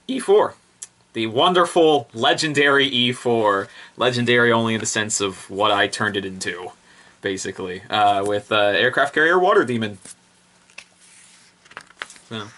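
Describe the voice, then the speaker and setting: Bright-voiced, rambling young man reviewer. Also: medium pitch, slight background noise. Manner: rambling and excitable, with many fillers and self-corrections. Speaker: product reviewer. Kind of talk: casual unscripted review.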